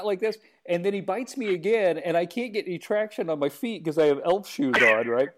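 A man's voice: high voice, a little fast, few pauses. A man hosting a casual chat, telling funny stories and imitating the people in them. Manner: lively anecdote telling, imitating voices. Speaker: host.

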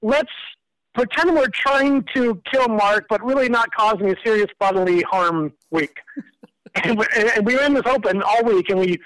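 A man in his forties, a guest on the line, telling old workplace stories in a quick, animated way with laughs. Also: high-pitched. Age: 40s. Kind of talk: casual storytelling interview. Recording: distant, phone-like audio.

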